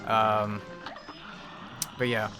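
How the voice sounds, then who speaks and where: A man's voice: lowish voice, little pitch movement, drawn-out words, over music. An English man chatting casually on a live stream, answering viewers in a dry, self-deprecating, offhand way. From England. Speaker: YouTube reviewer streaming a game.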